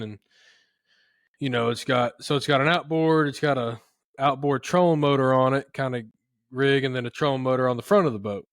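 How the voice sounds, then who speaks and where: A man hosting a podcast, telling a story in a rambling, folksy, animated way. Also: mid-range voice, clean tone, no room sound, studio quality. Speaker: podcast host. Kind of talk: casual storytelling chat.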